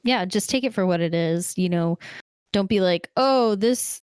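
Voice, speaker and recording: Chatty low-voiced woman podcaster. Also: moderate pace, darkish tone, clean tone, dry recording, studio quality. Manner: chatty, rambling with many fillers. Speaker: podcast co-host. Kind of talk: casual movie review chat.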